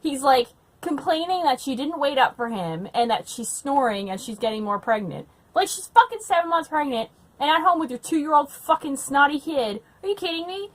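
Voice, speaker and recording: A tipsy young woman vlogging from home with a slightly high voice. She rants and swears, breaks into laughter and bursts into loud indignation. Her talk is casual and loose. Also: animated, moderate pace. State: tipsy from wine. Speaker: book vlogger. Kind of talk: casual drunk reading vlog.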